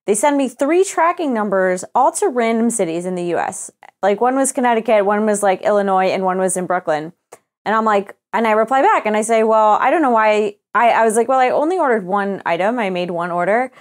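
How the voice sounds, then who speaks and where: A woman's voice: medium pitch, brisk. Swearing young woman telling a story. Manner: animated storytelling, swears freely, acts out quoted exchanges. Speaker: podcast co-host. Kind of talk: casual chat.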